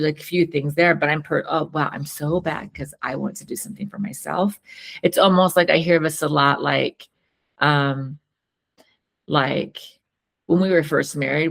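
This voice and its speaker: A woman's voice: sits low, gravelly. A middle-aged woman co-hosting a couples talk show, chatting casually and acting out quoted lines with frequent laughter. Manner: animated, acts out quoted lines, laughs often. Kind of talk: casual conversation walking through a worksheet.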